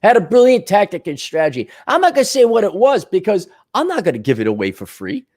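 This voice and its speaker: A man's voice: sits high, big pitch swings, fast talker, darkish tone. A man hosting a podcast, delivering a blunt, sardonic, profane monologue rant. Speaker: podcast host.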